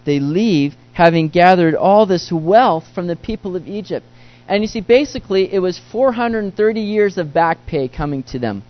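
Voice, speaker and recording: A man with a high-pitched voice preaches a sermon, walking his listeners through a Bible passage. He is earnest and emphatic, throwing rhetorical questions at the congregation. The recording sounds dull and lo-fi. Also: lively intonation, normal speed. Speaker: pastor.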